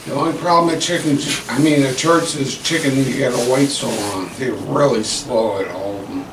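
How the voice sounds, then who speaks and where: A man casually reviewing fast food and telling rambling jokes. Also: mid-range voice. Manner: joking, rambling. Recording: echoey room, distant mic, background noise.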